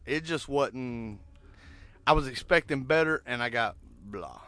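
A man's voice: mid-range voice, expressive, measured pace, bright, forceful tone, no room sound. A young man hosting a casual podcast in a laid-back way, swearing now and then. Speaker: podcast host.

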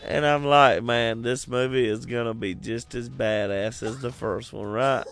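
A man's voice: medium pitch, steady tone, a little slow, fairly bright tone. A man in casual movie chat, rambling and profane, slipping into goofy voices as he retells scenes.

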